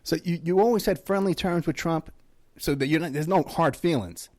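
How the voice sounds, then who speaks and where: A man's voice: on the high side, moderate pace, darkish tone, no echo. A man hosting a casual interview who asks his guest direct questions. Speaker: interview host.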